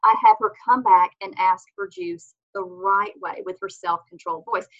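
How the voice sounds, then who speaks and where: A woman guest on a faith-based parenting podcast, explaining earnestly and acting out the gentle words she says to her children. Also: mid-range voice, fairly even intonation, normal speed, dull audio. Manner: earnest, explanatory, acts out mother-child dialogues.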